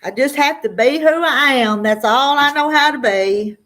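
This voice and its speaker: This middle-aged farm vlogger's fairly bright voice sits high, and her Southern drawl is slow. She chats casually on a live stream, reading out viewers' comments and laughing often.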